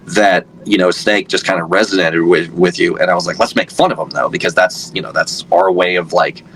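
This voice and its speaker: A man's voice: deep voice, fairly even intonation, normal speed, fairly bright tone, a little hiss or hum, rough recording. A man in his thirties, a voice actor guest, chatting casually in an interview, rambling with lots of fillers and restarts.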